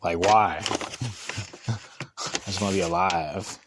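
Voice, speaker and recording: A man's voice: sits low, fairly even intonation, slow, very noisy. A young man telling stories on a podcast in a casual, slangy way, laughing often and rambling with restarts. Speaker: podcast co-host. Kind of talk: casual storytelling chat.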